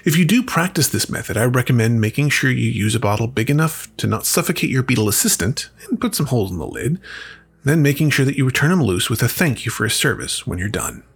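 A man hosting a podcast, delivering scripted narration as a measured, expressive reading. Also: medium pitch, creaky, husky, soft background music. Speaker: podcast host.

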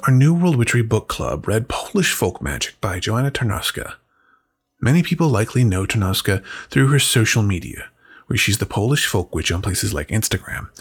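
A man hosting a podcast, delivering scripted narration as a measured, expressive reading. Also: fairly low pitch, vocal fry, slightly rough. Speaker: podcast host.

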